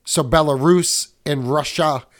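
A man's voice: fairly high pitch, steady tone, unhurried. A man co-hosting a podcast in casual chat, rambling and correcting himself, often leaning on movie references. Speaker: podcast co-host.

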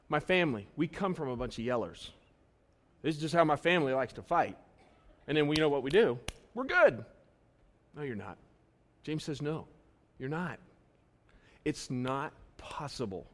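A pastor preaching a sermon at a church service in a conversational way, his voice swinging between loud bursts and quiet, earnest asides. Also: mid-range voice.

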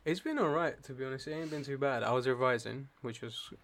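A young man talks through his day in loose, laid-back banter. He swears casually and drifts into jokes, at an ordinary middle pitch. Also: fast, crowd noise. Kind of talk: casual chat.

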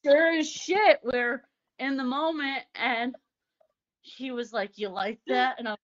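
A candid woman trading crude, funny stories in relaxed conversation, acting out the voices of others as she goes. Her voice is somewhat high, and the recording is dull and lo-fi. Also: slow, no room sound. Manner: candid, crude, animated storyteller. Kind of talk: casual storytelling. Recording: dull lo-fi sound.

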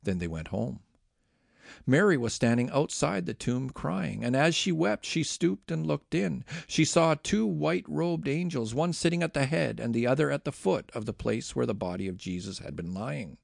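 Expressive man reading scripture. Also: medium pitch, moderate pace, gravelly, no echo, studio quality. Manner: expressive, dramatic. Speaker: scripture reader.

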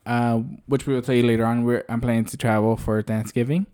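A man's voice: medium pitch, steady tone, a little fast, dark tone, smooth. A man casually telling a story on a podcast, swearing and laughing often. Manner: laughs often, swears, acts out voices in his stories. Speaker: podcast co-host.

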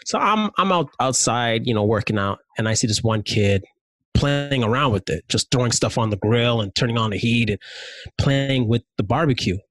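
A man telling stories in casual chat, animated and slangy, with many fillers. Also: medium pitch, normal speed, no room sound.

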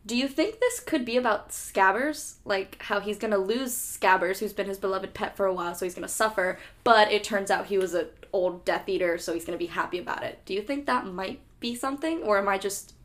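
Young woman, podcast co-host, chatty recap voice, casual swearing, middle pitch. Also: fairly bright tone. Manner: chatty, swears casually, acts out characters in quick asides. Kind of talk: casual chat recapping a book.

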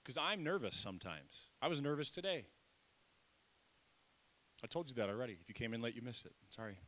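A middle-aged man preaching a sermon in a church, lively and self-deprecating, leading the congregation in call-and-response. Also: mid-range voice, fairly quick. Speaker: pastor. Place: church sanctuary.

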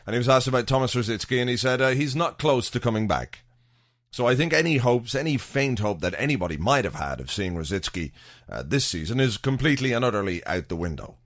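A man's voice: medium pitch, animated, fast talker, fairly bright tone. A man hosting a podcast, rambling through casual football chat with jokey asides. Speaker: podcast host.

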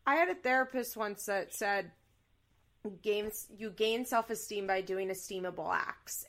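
A woman's voice: on the high side, a bit bright. A woman hosting a podcast in casual recap chat, frank and opinionated, mixing jokes with earnest advice. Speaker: podcast host.

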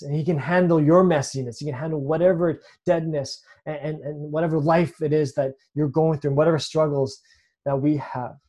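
Earnest man preaching, dark mellow voice. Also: fairly high pitch. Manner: earnest, repeats words when restarting. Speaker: pastor. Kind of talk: sermon.

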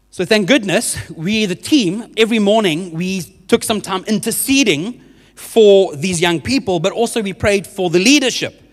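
Lively high-pitched young man. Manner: animated storyteller, laughs often, self-mocking. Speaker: youth minister. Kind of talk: humorous testimony in a church service. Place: church hall with a live audience. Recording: reverberant hall sound.

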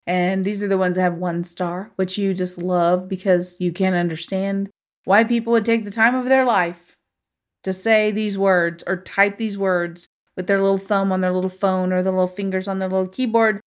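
Playful woman co-hosting a film chat. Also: mid-range voice. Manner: animated, playful, quick to laugh. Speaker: podcast co-host. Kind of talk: casual film review chat.

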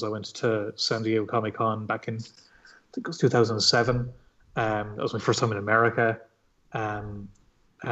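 A man's voice: mid-range voice, dull audio. An Irish man, a comic book artist, telling his story in a casual interview, rambling with lots of fillers and swearing. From Ireland.

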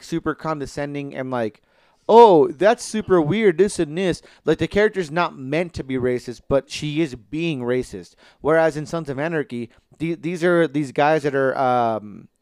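A man's voice: on the high side, clear, resonant tone, dry recording, clean studio sound. A man in casual podcast chat about TV shows, rambling with many fillers and restarts and swearing casually.

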